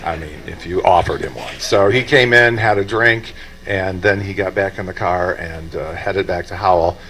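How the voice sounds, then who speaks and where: A man telling a story at a memorial in a halting way. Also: low-pitched, fairly bright tone, low-quality recording. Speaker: memorial speaker. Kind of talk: memorial speech anecdote.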